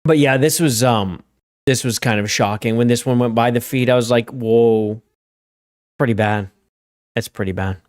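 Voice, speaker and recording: This man runs a gaming news stream, giving relaxed live commentary packed with fillers and side remarks aimed straight at his chat viewers. His voice sits at medium pitch and he talks at normal speed.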